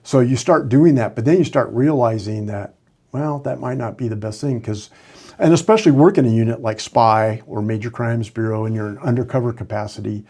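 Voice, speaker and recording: This is a man in his sixties, a retired sheriff's lieutenant, sharing candid stories in a relaxed podcast conversation. His voice sits at a middle pitch with a dark, mellow color, and he leans on fillers as he thinks aloud. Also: a little fast. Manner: candid storytelling with frequent fillers. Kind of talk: casual podcast interview.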